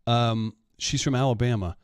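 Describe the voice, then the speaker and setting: A man's voice: mid-range voice, normal speed, clean tone, no room sound, clean studio sound. A man on a casual podcast chat, posing curious questions and musing aloud. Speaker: podcast co-host.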